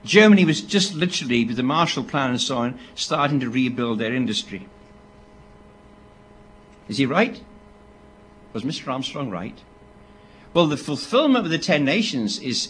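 A man, preaching a sermon in an animated storytelling way, with asides to the people listening. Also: medium pitch, slight background noise. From Britain. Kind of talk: sermon to a live audience.

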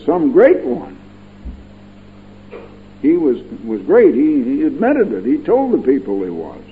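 An older man preaching a Bible-teaching sermon in a folksy, digressive way, repeating words for emphasis. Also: on the high side. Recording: tinny lo-fi radio broadcast with faint hum.

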